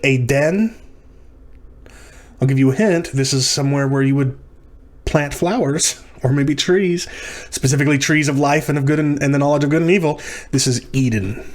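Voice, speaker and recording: This man, at a normal mid-range pitch, teaches a recorded class by reasoning aloud through every exercise in turn. He stops for "um" now and then and fixes his own mistakes as he goes.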